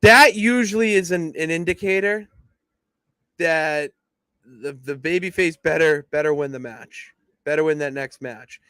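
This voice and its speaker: Young male podcast co-host, slightly higher voice, emphatic, dry close sound. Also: measured pace, clean tone, no echo. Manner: emphatic, animated booking pitches. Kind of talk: casual wrestling analysis chat.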